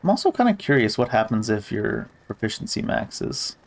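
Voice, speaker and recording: A man's voice: mid-range voice, very animated, normal speed, vocal fry. A man giving casual gameplay commentary who reads game text aloud and swears offhandedly. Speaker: gamer.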